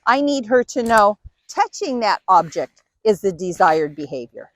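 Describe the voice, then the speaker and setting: With a very animated, mid-range voice and a measured pace, a woman trains her dog in an instructional demo. She patiently walks through every step, offering cues and praise, and the recording is dry.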